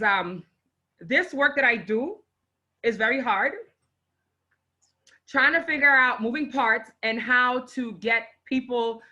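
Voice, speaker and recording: A woman's voice: a little high, bright, forceful tone. A woman hosting a live online show, effusive and exclaiming, close to tears as she unboxes gifts and introduces her guest. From Haitian parents. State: on the verge of tears. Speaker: host.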